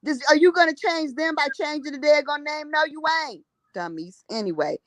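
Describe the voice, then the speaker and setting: A woman's voice: high-pitched, animated, moderate pace, no echo. A woman telling a story in casual conversation, emphatic and blunt, often repeating herself.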